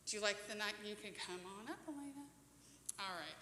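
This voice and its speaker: Expressive woman telling a story in church. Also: mid-range voice, fairly quick, a little hiss or hum. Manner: warm, expressive storytelling, inviting volunteers. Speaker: worship storyteller. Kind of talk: children's story time at a church service. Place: church sanctuary. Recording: echoey church hall with long reverb.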